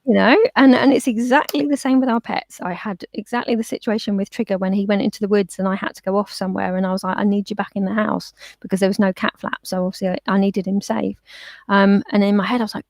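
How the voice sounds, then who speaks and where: A woman's voice: medium pitch, steady tone, quick pace, creaky, a little mellow, dry recording. A woman, a pet therapist guest, chatting and telling stories, acting out what people said. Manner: chatty, storytelling, acts out quotes. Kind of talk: casual interview chat.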